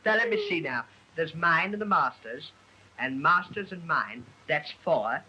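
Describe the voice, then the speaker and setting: A giggly fake housemaid. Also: male voice, on the high side, animated, a little slow, pushed and bright, husky, muffled recording, full character voice. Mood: flustered, giggly. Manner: giggly, flustered, fumbling. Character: bashful man posing as a housemaid. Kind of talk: 1930s film comedy acting.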